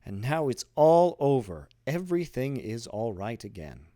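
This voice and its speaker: Man doing a gentle frail old dad, soft and mild, dry close sound. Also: mid-range voice, very animated, unhurried, no room sound. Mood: tender. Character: frail elderly father, gentle, modest.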